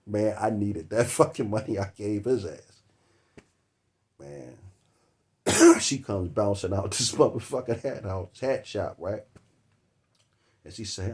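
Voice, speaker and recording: A man, telling a long comic story about a date that cost him, laughing between words and swearing freely. His voice sits a little low. The delivery is loose and conversational. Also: expressive, measured pace, long pauses, a little mellow. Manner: profane, laughing through the story. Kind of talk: comedic storytelling monologue.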